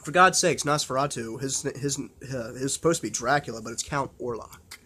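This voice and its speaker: A man's voice: medium pitch, moderate pace, sharp tone, breathy edge. Man, mid-range voice, unscripted vlog chat: rambling, filler-heavy, profane, eager. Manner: rambling, full of fillers and restarts; blunt and profane. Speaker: horror film vlogger. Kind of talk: casual unscripted film talk.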